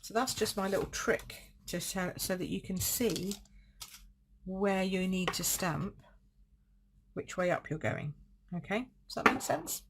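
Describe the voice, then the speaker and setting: A woman talks a little slowly in a mid-range voice, with background noise present. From her desk streaming setup she runs a live card-making session, chatting, thinking out loud, and correcting herself along the way.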